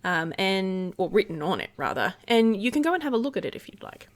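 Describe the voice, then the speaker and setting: A woman's voice: medium pitch, big pitch swings, a little fast. Chatty woman game master. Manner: chatty, giggly, lots of fillers. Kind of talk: narrating a tabletop game.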